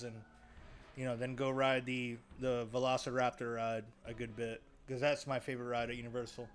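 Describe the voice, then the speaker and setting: A man streaming a horror video game live, chatting casually, getting excitable and swearing often. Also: medium pitch, a little fast, a little hiss or hum. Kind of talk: casual live gameplay commentary.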